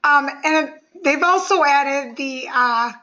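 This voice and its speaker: Bright high-voiced woman presenter. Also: slow, lo-fi sound. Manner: friendly, explains step by step. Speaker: software presenter. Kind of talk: webinar walkthrough.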